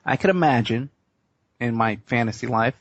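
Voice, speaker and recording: A man's voice: medium pitch, moderate pace. A man hosting a radio talk show, spinning a long story with many fillers and restarts. His voice sits in a middle range. The sound is dull and lo-fi, with no room echo. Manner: rambling storyteller, frequent fillers. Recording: muffled dry radio audio.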